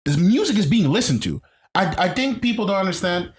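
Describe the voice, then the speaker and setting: A man's voice: high voice, very animated, brisk. Emphatic man co-hosting a podcast. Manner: emphatic, repeats himself, restarts mid-sentence. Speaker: podcast co-host. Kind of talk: casual chat.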